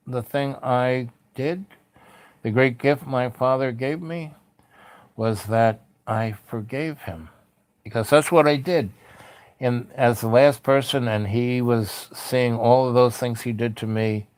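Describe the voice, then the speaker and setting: A man's voice: mid-range voice, unhurried, clear, resonant tone, no echo. A man hosting a late-night spiritual livestream, talking in a loose, meandering, heartfelt way with many fillers. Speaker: livestream host. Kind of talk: rambling spiritual livestream talk.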